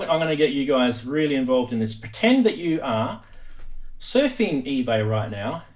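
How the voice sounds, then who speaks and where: Lively chatty host. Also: male voice, on the high side. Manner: animated, laughs often, chatty. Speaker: live stream host. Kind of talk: casual live-stream chat.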